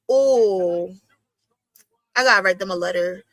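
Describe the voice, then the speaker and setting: A young woman hosting a wrestling watch-along stream, talking casually in slang and jumping into high exclamations as she reacts. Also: fast, a bit bright, dry recording. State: itchy watery eyes from allergies. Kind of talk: casual live-stream commentary.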